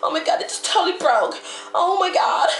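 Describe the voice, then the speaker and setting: High, shrill valley-girl brat, whiny and melodramatic, echoey room. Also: big pitch swings, a little fast, a little hiss or hum. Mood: hysterical whining. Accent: Beverly Hills valley girl. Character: rich spoiled Beverly Hills girl, shrill and dramatic.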